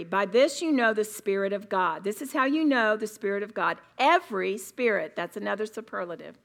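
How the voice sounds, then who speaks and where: A woman's voice: fairly high pitch, fairly bright tone. A woman speaking at a women's retreat, preaching emphatically and repeating words for stress. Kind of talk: sermon.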